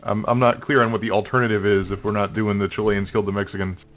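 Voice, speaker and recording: A man's voice: on the low side, level tone, fast, faint music behind. A man co-hosting a game playthrough, asking skeptical questions in casual chat. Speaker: let's play co-host. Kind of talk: casual let's play discussion.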